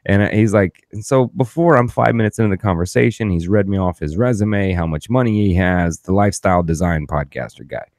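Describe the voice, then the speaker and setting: A man's voice: deep voice, a little fast, few pauses, a little mellow, no room sound, clean studio sound. A man hosting a podcast, telling stories in a loose, profane, ranting way. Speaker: podcast host. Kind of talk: casual podcast chat.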